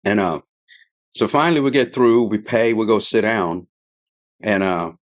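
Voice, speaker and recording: Podcast guest: middle-aged man from the Middle East, very low voice, chatty storyteller, laughs a lot. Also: animated, normal speed. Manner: chatty, laughs often, trails off in fillers. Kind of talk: casual storytelling.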